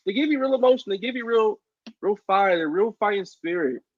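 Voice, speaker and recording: A man's voice: high voice, lively intonation, brisk, background noise. A man co-hosting a wrestling podcast, speaking in an enthusiastic, emphatic way. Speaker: podcast co-host. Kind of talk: casual wrestling podcast chat. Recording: dull lo-fi mic.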